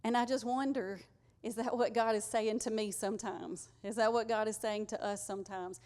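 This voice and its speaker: A woman's voice: on the high side, fairly even intonation, moderate pace, a little mellow. Earnest woman preaching. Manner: conversational, earnest, uses y'all. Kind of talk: sermon.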